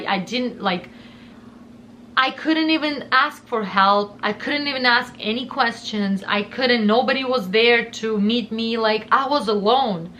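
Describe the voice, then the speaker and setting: A woman's voice: a little high, bright, forceful tone, slight background noise. A young woman from Russia, telling her personal story in a heartfelt, emotional way on a vlog. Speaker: vlogger.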